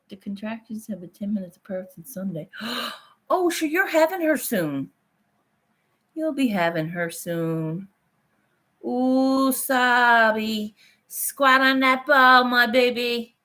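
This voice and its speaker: A woman's voice: on the high side, a bit bright. A woman in her thirties, chatting casually on a home livestream, swearing and laughing often as she answers her viewers. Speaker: livestream host. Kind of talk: casual livestream chat reading comments.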